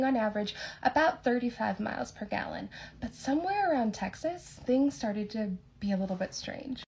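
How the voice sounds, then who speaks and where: A young woman narrating a spooky true story in a casual, animated, dramatic way. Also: medium pitch, vocal fry, low-quality recording.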